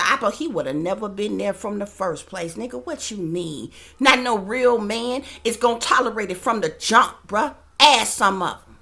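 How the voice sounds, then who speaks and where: A woman's voice: medium pitch, expressive, normal speed, gravelly, sharp tone. A woman hosting a heated commentary vlog, talking bluntly and emphatically with plenty of profanity. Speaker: channel host.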